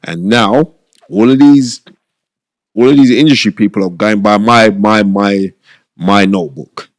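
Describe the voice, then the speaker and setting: A middle-aged man with a British accent spins stories as an interview guest, his voice sitting low and recorded dry with no room around it. He is animated and slips into raised, lively voices when he quotes other people. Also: measured pace, no echo. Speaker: boxing promoter and pundit, guest. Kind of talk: casual storytelling interview.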